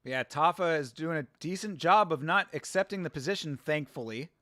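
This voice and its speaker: A man hosting a fight watch-along, giving casual, excitable reaction commentary. He yells at the fighters, laughs often and sits close to the mic. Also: on the high side, moderate pace, no room sound.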